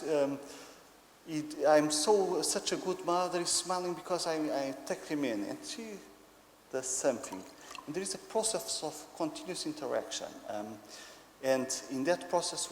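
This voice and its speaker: Brief: male conference lecturer, Portuguese accent, halting explanatory delivery, mid-range voice, roomy echo. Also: mid-range voice, a little mellow. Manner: explanatory, hesitant with many ums. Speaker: conference speaker. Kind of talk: academic lecture. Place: conference hall. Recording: echoey hall with faint noise.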